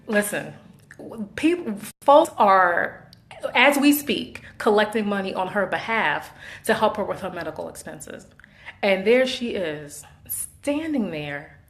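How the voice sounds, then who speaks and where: A woman hosting her own show, chatting casually and effusively to her viewers. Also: medium pitch. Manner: effusive, chatty, thankful shout-outs. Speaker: show host. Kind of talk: casual video chat.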